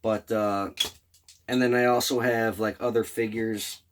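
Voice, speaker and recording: A man's voice: fairly low pitch, flat delivery, measured pace, a little hiss or hum. A man vlogging, telling a rambling, profanity-laced story in a casual, enthusiastic way. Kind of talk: casual storytelling about a fan convention.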